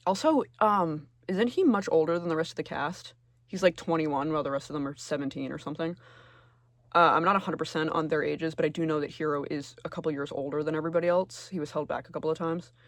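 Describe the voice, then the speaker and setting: A man giving casual, sarcastic tier-list commentary, full of swearing, who jumps between loud outbursts and low muttering. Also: quick pace, dry recording. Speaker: video creator.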